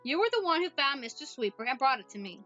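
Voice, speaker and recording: A woman's voice: sits high, very animated, fast talker, a bit bright, lo-fi sound, faint music behind. A woman voicing an earnest, polite young witch girl who talks in a formal, careful way in a voiced visual novel. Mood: accusing.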